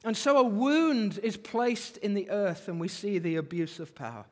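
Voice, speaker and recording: A man preaching a sermon, animated, with phrases repeated for emphasis. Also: sits high, normal speed. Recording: long hall reverb.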